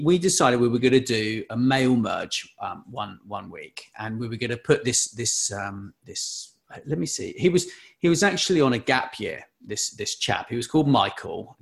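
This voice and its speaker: A man's voice: medium pitch, vocal fry. A man hosting a casual business chat, telling an anecdote with lots of restarts and repeated words. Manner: animated storyteller, many restarts and repeats.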